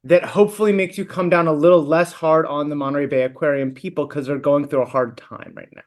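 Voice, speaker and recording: A man's voice: a little high, fairly even intonation, fast. A man co-hosting a podcast in casual chat, wordy, playful and a little sentimental. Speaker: podcast co-host.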